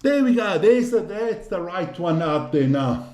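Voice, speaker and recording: A man hosting a casual live stream, rambling, swearing freely and getting excitable. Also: high-pitched, a little slow, reverberant.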